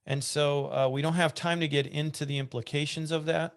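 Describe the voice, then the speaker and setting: A man's voice: on the high side, fairly even intonation, fairly quick. Chatty male podcast host. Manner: conversational, reads aloud with asides and restarts. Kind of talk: casual podcast chat reading listener questions.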